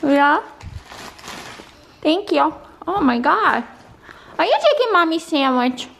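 A woman's voice: high-pitched, big pitch swings, slow, creaky, fairly bright tone. A young woman vlogging as a stay-at-home mom, chatting casually to the camera and coaxing her toddler in a sing-song voice. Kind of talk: casual vlog narration and talking to her toddler.

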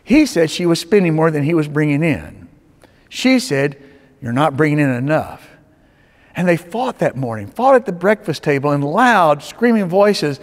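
A male pastor preaching in a church sanctuary, his lively, fairly high voice carrying a long reverb off the walls. He tells his stories with sharp swings, rising to loud urgent pleas and then dropping to near-whispers. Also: moderate pace. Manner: storytelling with dramatic swings between loud urging and hushed tones. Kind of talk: sermon.

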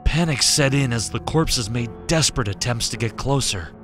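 A man narrating a scripted horror story in a hushed, grave, drawn-out way. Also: mid-range voice. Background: faint background music.

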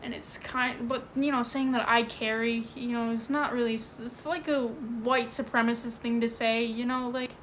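A woman talks loosely into her phone during a livestream, filling her sentences with "like" and "you know". Her voice sits on the high side. A faint background hum runs under her speech. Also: fairly even intonation, moderate pace, hardly any pauses, a bit bright. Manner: rambling, full of "like" and "you know". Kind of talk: casual livestream chat. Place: indoors at home.

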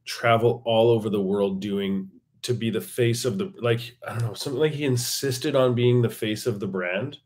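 Rambling Albertan guy podcasting. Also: fairly low pitch. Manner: rambling, jokey, lots of restarts. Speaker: podcast host. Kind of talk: casual solo chat. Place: bedroom. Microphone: table mic.

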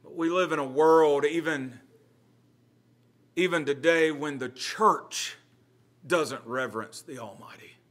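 A man leads a church Bible study as pastor. His voice sits high and sounds bright. He teaches earnestly, sinking to a near hush and then rising to press a point. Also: slow pace, long pauses. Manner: earnest preaching, swings from loud to hushed.

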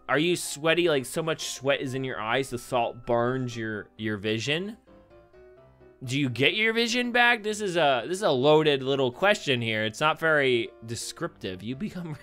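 A man's voice: mid-range voice, a bit bright. A young man commenting casually on a quiz game, rambling, thinking aloud and laughing often. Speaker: gaming YouTuber. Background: faint background music.

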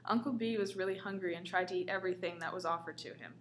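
A woman's voice: on the low side, fast talker, slight background noise. A woman reading a comic story aloud in a casual way, with small stumbles. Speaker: story reader.

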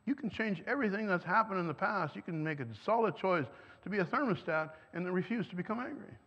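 A man's voice: high voice, fast, breathy edge. An older man whose first language is German, teaching a sermon to parents in a church and putting questions to the audience. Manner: questions the audience, chuckles between points. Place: church hall. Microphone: microphone. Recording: echoey hall, dull lo-fi sound.

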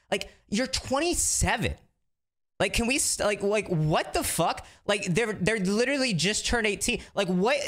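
A man's voice: mid-range voice, a bit bright. A young man streamer venting on his livestream, frustrated and profane, restarting his sentences again and again. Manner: frustrated, repetitive, profane ranting with many restarts. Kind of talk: livestream commentary.

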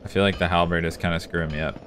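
A man's voice: low-pitched, fairly even intonation, racing, a bit bright, a little hiss or hum. A man commentating his own gameplay live, venting frustration and talking to his chat. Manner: frustrated, talks to himself and chat while playing. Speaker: gaming streamer. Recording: music playing behind.

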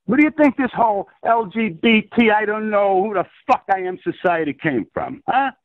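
A man being interviewed over the phone about his low-budget film, telling stories in an animated, excitable, profane way. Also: moderate pace, no echo. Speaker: filmmaker guest. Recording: tinny dry phone line.

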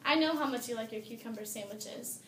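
A woman's voice: on the high side, fairly quick, fairly bright tone, echoey room, slight background noise, lightly acted. A woman reading as an aggrieved boy tiger. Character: young boy tiger, wrongly blamed.

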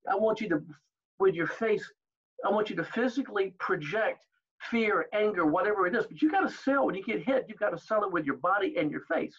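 An older man telling stories as an interview guest, animated, acting out the exchanges he recalls. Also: high voice, a little fast, breathy edge, dull audio. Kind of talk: storytelling in an interview.

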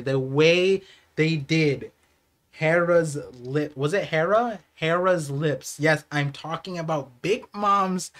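A young adult man streaming a live reaction, excitable and laughing, then turning quiet and reflective. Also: on the high side. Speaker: streamer reacting to a manga chapter.

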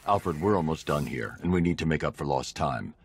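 A man's voice: very deep voice, lively intonation, brisk, slight background noise. An actor playing a grim masked male vigilante in a video game, terse and commanding.

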